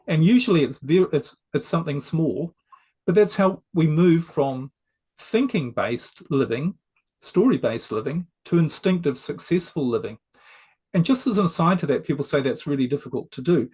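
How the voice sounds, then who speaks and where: A man who is a success coach, a guest on an interview show, explaining ideas in a gently persuasive, conversational way. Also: a little high, lively intonation, normal speed, husky.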